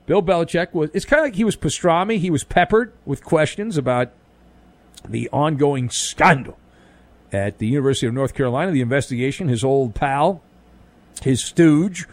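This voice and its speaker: A man's voice: a little high, moderate pace, no room sound. A man hosting an overnight sports talk radio show, delivering a punchy, wisecracking monologue full of jokes. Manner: wisecracking, animated, punchy delivery with jokes and pop-culture riffs. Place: radio studio.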